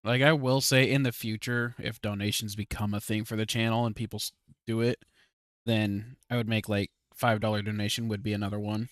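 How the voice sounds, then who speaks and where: A man's voice: on the low side, flat delivery, a little fast, no room sound, clean studio sound. A man chatting casually as a tabletop game master, rambling and hesitant, often breaking into laughter. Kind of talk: casual podcast chat.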